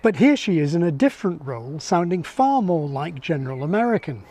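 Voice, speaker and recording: A man giving scripted narration for a video essay, measured and explanatory. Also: a little high, very animated, dark tone, a little hiss or hum.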